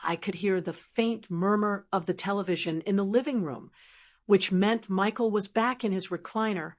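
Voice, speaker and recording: A woman's voice: mid-range voice, normal speed. Older woman telling a story. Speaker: narrator. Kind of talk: scripted first-person story narration.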